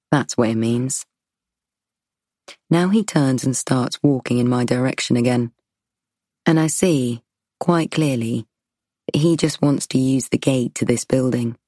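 Woman narrator, unhurried first-person audiobook read, dry studio sound, wry edge. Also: very deep voice, mellow, dry recording.

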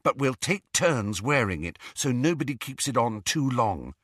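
A man voicing a brisk, clever, bossy young woman who talks in a quick, insistent way. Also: medium pitch, very animated, a bit bright, slightly rough, dry recording, clean studio sound. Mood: coaxing.

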